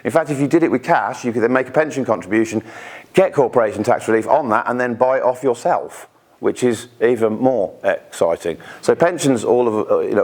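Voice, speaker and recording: A man from the UK, with a medium-pitched, slightly mellow voice, gives an informal presentation at an investor networking event. He's chatty, tossing in quick asides and quoted voices.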